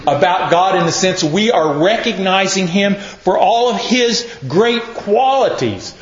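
Male preacher, fairly high voice, slow and deliberate, earnest teaching sermon, roomy muffled recording. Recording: echoey, muffled room recording.

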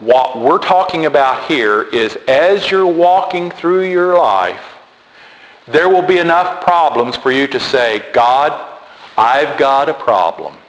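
A man preaching a sermon, animated and emphatic, repeating key words. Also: a little high, takes it slowly, highs cut off. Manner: animated, repetitive emphatic delivery. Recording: echoey hall with faint noise.

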